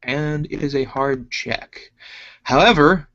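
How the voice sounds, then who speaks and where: A man's voice: a little high, takes it slowly, a bit bright. A man narrating a tabletop game as game master, rambling with many fillers in a dull lo-fi recording.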